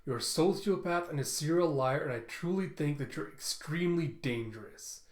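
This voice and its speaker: A man's voice: on the high side, normal speed, echoey room, natural voice. A man doing a stern, coldly accusing young woman.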